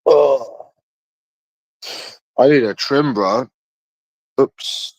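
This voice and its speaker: A man's voice: mid-range voice, drawn-out words, darkish tone, husky, dry recording, muffled recording. A man streaming alone, rambling in a casual, mocking monologue full of swearing. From London. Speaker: livestreamer.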